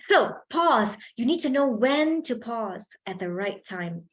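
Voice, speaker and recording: A woman leading a university workshop on public speaking, talking into a handheld mic with lively energy and frequent laughs. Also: a little high, takes it slowly. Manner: animated, laughs often, chatty fillers. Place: university event hall.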